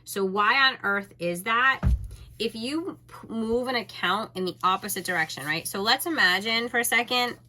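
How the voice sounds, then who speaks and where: A woman's voice: on the high side, normal speed, sharp tone, soft background music. A woman teacher recording a lesson, explaining step by step in a patient, conversational way and talking straight to her students.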